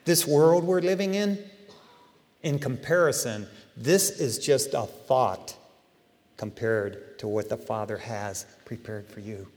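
A man voicing Jesus as a calm, reassuring figure who speaks softly and casually, in a reverberant hall. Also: medium pitch, slow, voice pushed down. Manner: hushed, soft and casual.

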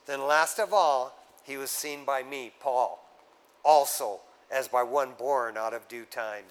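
A male pastor preaching a sermon in a casual, conversational way, often calling listeners "man" and swinging from loud exhortation down to low, hushed tones. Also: slow, clean tone, low-quality recording.

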